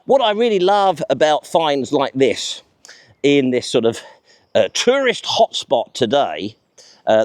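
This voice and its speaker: A man's voice: mid-range voice, darkish tone, no room sound. A man hosting a vlog outdoors in a park, chatty, enthusiastic and self-mocking as he presents to camera. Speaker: vlog host.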